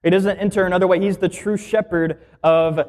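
A man's voice: sits high, fairly even intonation, brisk, darkish tone. A male minister giving a sermon in a conversational teaching style, explaining scripture plainly and asking the listeners questions.

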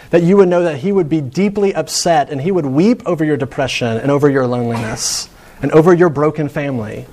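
A man's voice: a little high, darkish tone. Man preaching a conversational sermon. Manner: conversational preaching with rising emphasis and slow dramatic pauses. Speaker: pastor.

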